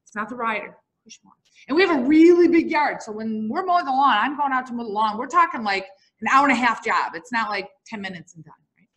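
A middle-aged woman teacher giving a classroom lecture, telling a story and quizzing her students in a lively, bouncy way. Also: on the high side.

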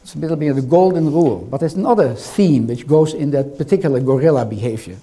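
A man's voice: a little high, fast, dark tone, breathy edge. An older man with a foreign accent giving a lecture in a hall, teasing and quizzing the audience as he goes. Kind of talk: interactive lecture.

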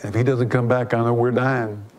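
A man's voice: medium pitch, flat delivery, fairly quick, background noise. A man preaching a sermon from the pulpit, emphatic and fervent, repeating his phrases for weight. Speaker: pastor. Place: church.

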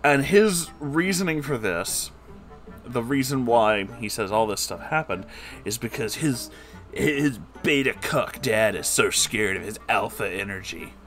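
A man's voice: mid-range voice, lively intonation, a little slow, fairly bright tone, faint music behind. A man giving comedic, sarcastic commentary while reading a book aloud, exasperated and swearing freely.

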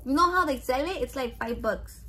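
Bright, chatty woman cooking and rambling. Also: high-pitched, brisk, a little hiss or hum. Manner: rambling, profane, chatty storytelling; mixes Spanish words into English. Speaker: cooking vlogger. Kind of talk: casual cooking vlog chat.

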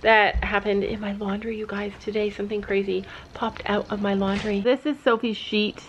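A middle-aged woman chatting casually in a vlog, mother and horse owner, switching to a high baby voice for her pets. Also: little pitch movement, moderate pace, muffled recording, a little hiss or hum. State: out of breath.

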